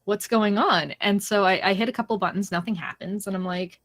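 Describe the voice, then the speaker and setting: A woman's voice: mid-range voice, fairly even intonation, fast talker. A young woman from Canada, co-hosting a casual podcast chat and telling a long story with snarky asides and frequent laughter. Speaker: podcast co-host.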